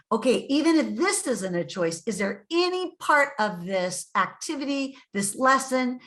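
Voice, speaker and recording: Playful woman co-presenting a workshop. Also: medium pitch. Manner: warm, playful, reads the chat aloud. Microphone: computer mic on a video call.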